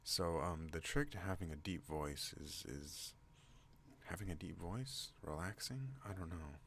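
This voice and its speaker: A man hosting an ASMR channel, talking in a slow rambling way and drifting off on tangents. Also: slight background noise. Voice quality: deep relaxed voice. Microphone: non-binaural desk microphone.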